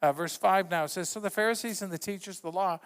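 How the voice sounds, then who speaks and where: A middle-aged male pastor preaching a sermon in a church, telling stories with lively voice shifts for the quotes. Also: high voice, fast, clear, resonant tone, in a large hall. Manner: animated storyteller, acts out quotes with voice shifts. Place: church sanctuary.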